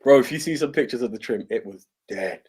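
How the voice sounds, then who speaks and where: Husky, lively male podcast co-host. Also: mid-range voice, fast. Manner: animated storyteller, many restarts. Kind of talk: casual podcast chat.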